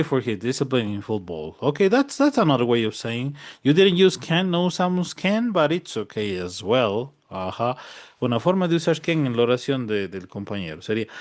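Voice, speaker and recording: Man teaching English slowly. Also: medium pitch, sing-song. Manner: slow drilled example sentences, repeats in Spanish. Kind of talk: online bilingual lesson.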